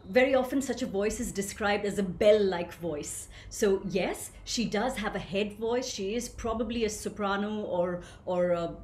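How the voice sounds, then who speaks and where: Woman teaching a voice class, chatty and animated, keeps asking the group stuff, roomy sound, bit of hiss. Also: medium pitch, moderate pace, few pauses. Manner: animated, asks the group questions and answers them. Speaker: voice coach leading a workshop. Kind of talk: live online workshop teaching.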